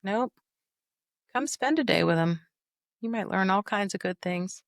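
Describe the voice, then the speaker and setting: A middle-aged woman, a dementia caregiver and trainer, coaching listeners on a podcast in a lively, folksy, direct way. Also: mid-range voice, unhurried, creaky, no echo, studio quality. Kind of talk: podcast teaching monologue.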